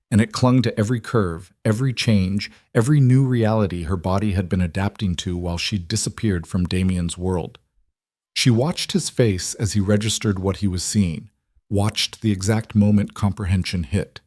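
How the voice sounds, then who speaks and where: A man narrating a romantic drama story in a measured, dramatic scripted reading. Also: lowish voice, a little mellow, no echo, studio quality.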